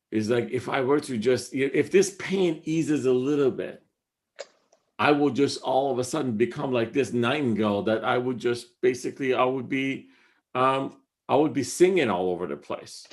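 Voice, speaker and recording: A man's voice: medium pitch, normal speed. A man teaching a class in a casual style, reading out lines of verse and then paraphrasing them conversationally. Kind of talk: casual class explaining poetry.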